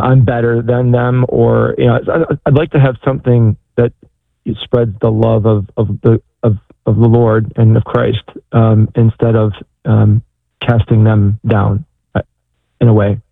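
A man's voice: on the low side, flat delivery, creaky, dry recording. Hesitant man on a tinny phone line. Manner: hesitant, halting, many restarts. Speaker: caller. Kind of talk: casual call-in question.

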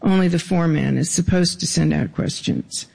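A man with a fairly high, heavily gravelly voice reads his own stories to a live audience. He delivers them deadpan, tossing in dry, wry asides between passages. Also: normal speed. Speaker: author reading his own writing.

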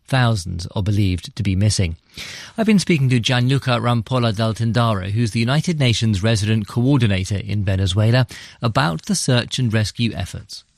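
A man's voice: fairly low pitch, expressive, moderate pace, vocal fry, no room sound, clean studio sound. A man presenting a live radio news programme in a fluent, conversational way.

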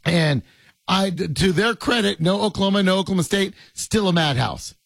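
A man with a gravelly, slightly husky voice hosts a sports radio show, his pitch leaping around as he rambles and jokes. The sound is dry and close, with no room around it. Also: expressive, normal speed, fairly bright tone, dry recording. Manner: joking, rambling, laughs often. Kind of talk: casual sports radio chat.

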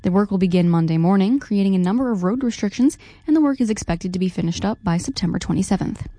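A woman anchoring the news, reading scripted stories in a measured, even way into a studio mic. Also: mid-range voice, no echo.

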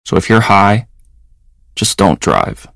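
A man with a very low, gravelly voice delivers a public service announcement. His reading is measured and serious. The recording is dry and close. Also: big pitch swings, fairly bright tone, no echo. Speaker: ad voice-over.

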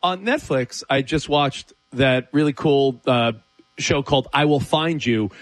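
A man co-hosting a sports talk radio show, telling a story in a lively way. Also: mid-range voice, unhurried, dry recording. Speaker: radio co-host. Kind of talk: casual sports radio banter. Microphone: studio mic.

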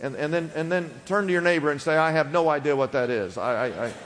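A man preaches in a church sanctuary with a slightly raised pitch. His voice carries a long reverb through the hall. He teaches patiently and gets the congregation to repeat words back to him. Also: fast, a bit bright, a little hiss or hum. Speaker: pastor. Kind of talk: sermon.

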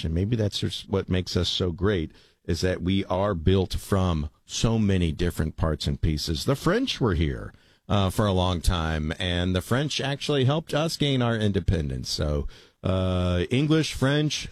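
A man's voice: low-pitched, expressive, measured pace, dry recording. A man filling in as host of a late-night call-in radio show, taking a caller and wrapping up the night in an easygoing, reflective way.

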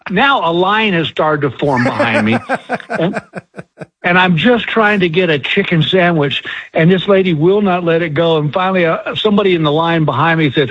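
A man's voice: a little high, a little fast, fairly bright tone, no room sound, muffled recording. An older man, a comedian guest, telling folksy, laughing anecdotes in a casual interview.

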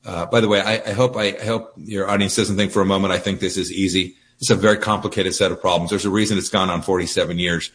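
A man giving firm, measured political commentary as a guest, often repeating words as he starts a sentence. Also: deep voice, fairly even intonation, fairly bright tone. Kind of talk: political interview by phone or video link.

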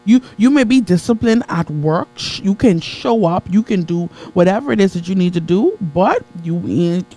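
Gravelly, mellow-voiced male motivational preacher. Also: normal speed, few pauses, faint music behind, poor audio. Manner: builds with repetition, call-and-response, laughs with crowd; swings between soft low asides and high excited peaks. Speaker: motivational speaker. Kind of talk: motivational sermon to a live audience.

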